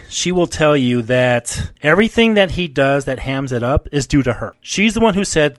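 A man's voice: fairly high pitch, expressive, fairly quick, hardly any pauses, no room sound. A man co-hosting a casual film review chat who gives blunt, profane opinions. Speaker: movie podcast co-host.

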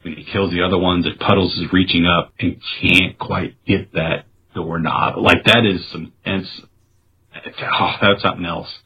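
A man with a very deep voice gives frank, opinionated takes in a casual podcast chat and swears freely. The audio is dull and lo-fi, with faint noise behind it. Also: fairly even intonation, moderate pace. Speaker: podcast co-host. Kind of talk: casual film review chat.

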